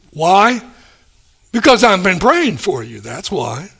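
Guy preaching a sermon, high voice, slow delivery, acts out quotes. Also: gravelly, breathy edge. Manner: animated, acts out quoted speakers.

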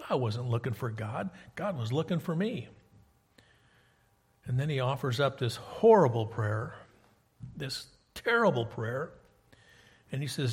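A man's voice: mid-range voice, sing-song, a little slow, long pauses, breathy edge, in a large hall. A man preaching a sermon, retelling scripture in a conversational storytelling way and putting questions to the congregation.

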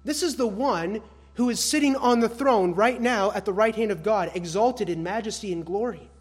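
Male preacher, high husky voice, shifts from loud stress to hushed lines, calls his listeners beloved. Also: normal speed. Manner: swings between loud emphatic stress and hushed soft phrases. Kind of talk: expository sermon.

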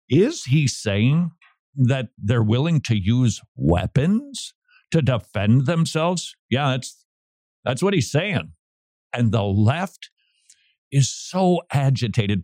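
A man hosting a Christian talk radio show, teasing his co-host and then giving commentary in a quick, playful way. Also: mid-range voice, animated, a little mellow, no echo, clean studio sound.

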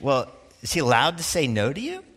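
Pastor, male, conversational sermon delivery, bright and forceful tone, long hall reverb. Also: medium pitch, huge pitch swings, husky. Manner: conversational preaching with quick asides and laughs.

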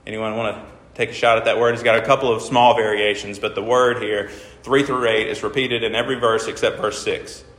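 A man's voice: fairly low pitch, flat delivery, brisk, fairly bright tone. A man preaching a sermon to a congregation, asking them questions and reading scripture aloud. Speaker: pastor. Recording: echoey hall reverb.

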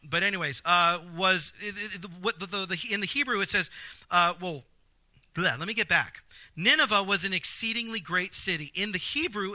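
Animated man preaching with a bright voice. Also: sits high, dry recording. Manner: animated, jokey asides, emphatic repetition. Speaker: pastor. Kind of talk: sermon.

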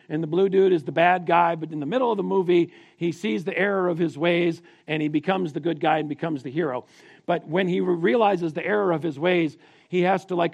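A middle-aged male pastor preaching to families with a somewhat high voice. He leads the congregation in call-and-response repetition, in a plain-spoken, teaching way with the odd restart. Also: gravelly, darkish tone, lo-fi sound. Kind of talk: family sermon.

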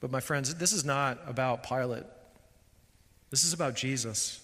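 A man's voice: mid-range voice, normal speed, bright, forceful tone. Man, pastor, emphatic sermon, rising to fervent peaks, long hall reverb.

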